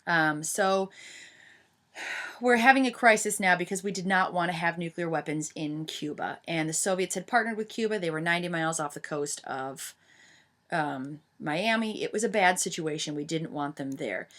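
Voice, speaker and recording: Chatty woman teaching history, low-pitched. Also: moderate pace, a bit bright. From United States. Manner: chatty, many fillers and restarts. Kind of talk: informal history lecture.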